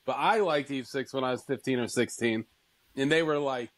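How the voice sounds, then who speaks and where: A man's voice: mid-range voice, moderate pace, rough recording. A man in his thirties co-hosting a podcast, rambling loosely with lots of fillers and laughing often. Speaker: podcast co-host. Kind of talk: casual chat.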